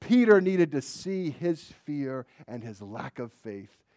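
A man preaching a sermon in a dramatic way, dropping to a hush and then rising to loud emphasis. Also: a little high, very animated, slow pace, no room sound, studio quality.

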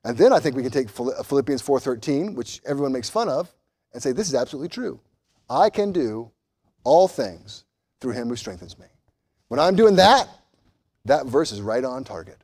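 A pastor preaching a sermon, building to loud emphatic peaks and then dropping to a quiet, earnest tone, often repeating words as he goes. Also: medium pitch, very animated, moderate pace. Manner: impassioned, rising and falling emphasis, repeats words; addresses children directly at times.

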